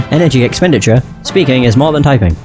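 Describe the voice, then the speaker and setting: A man voicing a terse, robotic male bomb disposal expert in a game, speaking in flat, clipped words. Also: mid-range voice, quick pace, music in the background, lightly acted. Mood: robotic, curt. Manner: clipped, flat, word-by-word delivery. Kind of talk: video game dialogue read aloud.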